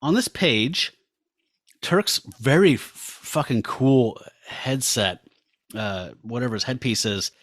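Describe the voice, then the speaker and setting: A man's voice: medium pitch, sing-song, slow, a bit bright, dry recording, studio quality. A man co-hosting a casual comic-book podcast, walking through the panels aloud with chatty asides. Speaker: podcast co-host.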